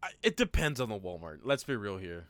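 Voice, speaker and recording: A man co-hosting a casual podcast, with a very low and smooth, resonant voice. He talks in an easygoing way and mostly gives short, agreeing replies. The sound is dry and close to the mic. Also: sing-song, fairly quick, fairly bright tone, no echo. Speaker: podcast co-host.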